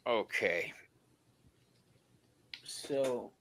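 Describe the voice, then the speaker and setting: A man's voice: fairly low pitch, expressive, measured pace, bright, forceful tone, slight background noise. A middle-aged man hosting a tarot reading, chatting playfully and teasing his guest. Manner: playful, laughs often, teasing. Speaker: tarot reader and host. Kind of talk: casual chat during a tarot reading.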